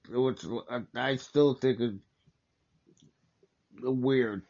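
A man with a gravelly, fry-laden voice gives loose, casual commentary over a wrestling match he is watching. He rambles, corrects himself mid-thought and sounds plainly enthusiastic. The recording is slightly dull and lo-fi. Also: mid-range voice, takes it slowly, pauses often, a little mellow. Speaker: wrestling watch-along host.

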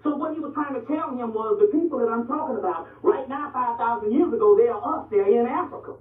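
A man's voice: very high-pitched, quick pace. A man gives a blunt, profane lecture, often stopping to ask whether listeners follow him. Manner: blunt and profane, repeatedly asks "you see what I'm saying". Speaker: lecturer on ancient Egyptian history and religion. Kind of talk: animated street-talk lecture. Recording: distant, echoey, phone-like lo-fi recording.

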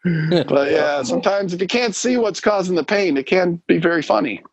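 A man chatting casually as a podcast co-host, telling animated stories, acting out the voices and swearing freely. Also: high-pitched, moderate pace, no echo, muffled recording. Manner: animated storyteller who acts out quoted voices and swears. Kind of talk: casual chat.

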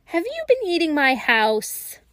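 A woman voicing a gnarled, toothless old witch who croaks and cackles, cruel and greedy, in a storybook reading. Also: sits high, huge pitch swings, measured pace, fairly bright tone, a little hiss or hum, pitched above the performer's own voice, heavily acted. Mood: suspicious.

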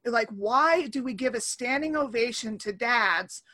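Woman host, 30s, high bright voice, lively chat on a call. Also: measured pace. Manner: animated, acts out quoted voices. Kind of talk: casual conversation. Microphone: remote call.

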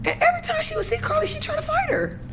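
A woman's voice: very high voice, racing, noisy background. A woman guest talking candidly and profanely in a casual chat, often laughing.

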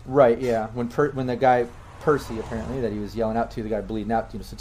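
A man's voice: medium pitch, fairly even intonation, racing, hardly any pauses, a little mellow, slight background noise. A man running a tabletop game as game master, narrating loosely with many fillers and restarts.

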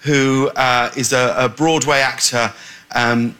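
A British man talking as an actor guest in a casual TV interview, halting with many fillers and self-mocking. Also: medium pitch, fairly even intonation, bright, forceful tone, clean tone. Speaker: talk show guest, actor. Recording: played TV clip.

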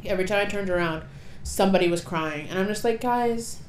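A young woman co-hosting a podcast, telling a story in a casual, animated way and swearing freely. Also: fairly low pitch, fast. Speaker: podcast co-host. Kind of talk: casual chat. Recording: echoey room with faint noise.

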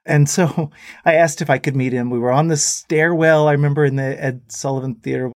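Animated middle-aged man, slightly high voice. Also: brisk, dry recording, clean studio sound. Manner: animated storyteller who laughs often. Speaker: musician guest. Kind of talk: casual anecdote telling.

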